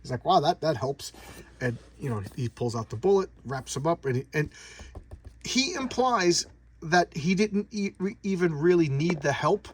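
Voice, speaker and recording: A comic book reviewer recaps a comic's plot in casual chat, rambling enthusiastically, repeating words, and leaning on plenty of fillers. His voice is fairly high and animated at a normal speed, with slight background noise.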